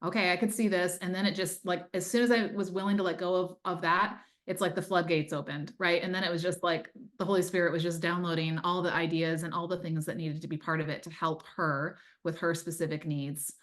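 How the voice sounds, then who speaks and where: A woman with a slightly low voice tells her story as an interview guest. She speaks earnestly and conversationally, with plenty of fillers. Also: steady tone, fairly quick, few pauses. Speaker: time management coach, guest. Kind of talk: testimonial interview.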